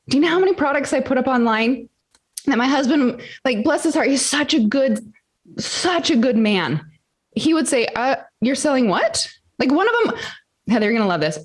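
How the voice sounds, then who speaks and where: Middle-aged woman, high voice, energetic podcast guest who acts out her anecdotes. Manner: energetic storyteller, acts out dialogue. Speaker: interview guest, entrepreneur. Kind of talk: casual podcast interview.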